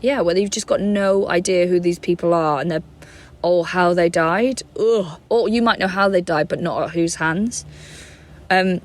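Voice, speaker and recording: A woman's voice: fairly low pitch, moderate pace. A woman co-hosting a comedy podcast, telling stories in a chatty, loose way and swearing freely. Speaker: podcast co-host. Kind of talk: casual comedy podcast chat.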